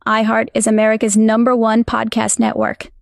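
A woman's voice: fairly high pitch, monotone, normal speed, gravelly. A woman reading a short announcer tag for a podcast network. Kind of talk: promo tag.

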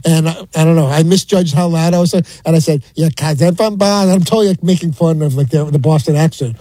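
A man with a New York accent telling a rambling story with lots of halting restarts. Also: a little high, mellow, no room sound, poor audio. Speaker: radio show regular. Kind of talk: rambling anecdote.

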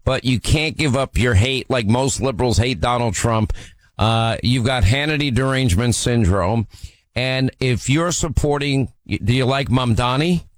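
A male talk radio host with a middle-pitched voice, firing questions at a caller. He is brusque and mocking. The sound is dry and close, with no room around it. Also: a little slow, no room sound. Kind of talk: combative call-in radio talk.

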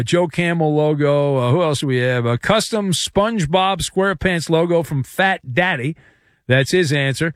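A man hosting a sports talk radio show, reading out listener answers and teasing callers in an animated, exasperated way. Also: fairly high pitch, no echo, clean studio sound.

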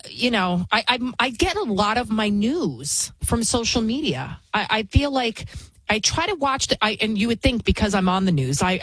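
A woman's voice: fairly low pitch, no room sound, low-quality recording. A woman who works as a TV news host, talking in a blunt, opinionated and rambling way, often restarting her sentences. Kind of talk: casual spoken monologue.

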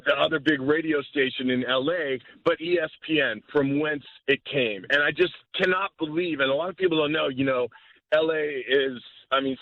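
A man's voice: fairly high pitch, dry recording. A man calling in to a sports radio show, rambling and meandering through his point over a tinny phone line. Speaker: caller. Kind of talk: rambling call-in talk.

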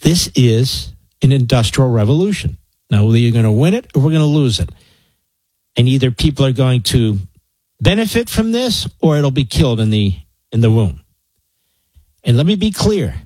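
Male call-in radio host, opinionated and emphatic, lively pitch, dry close mic. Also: normal speed, husky, no room sound, rough recording. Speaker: radio talk show host. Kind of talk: talk radio, taking calls.

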